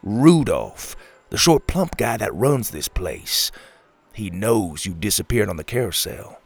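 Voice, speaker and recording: Brief: nervous hushed man, voiced by a man, quick and anxious. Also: lowish voice, big pitch swings, vocal fry, slightly rough, exaggerated voice. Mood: urgent. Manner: hushed, hurried.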